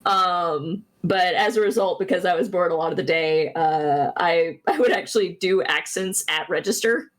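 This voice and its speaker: Halting, giggly woman streamer. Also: fairly low pitch. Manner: rambling, halting, lots of restarts and giggles. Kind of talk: casual stream chat.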